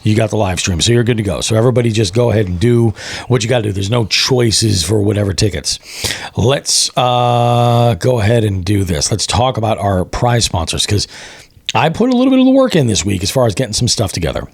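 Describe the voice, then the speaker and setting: Gravelly low-voiced podcast host. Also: male voice, lively intonation, a little fast. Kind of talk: casual chat.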